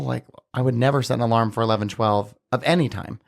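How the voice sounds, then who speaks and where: A man's voice: lowish voice, fairly even intonation, very fast, creaky, few pauses. A man talking as a podcast guest, telling a personal story casually and earnestly, with many filler words. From Southern Utah, USA.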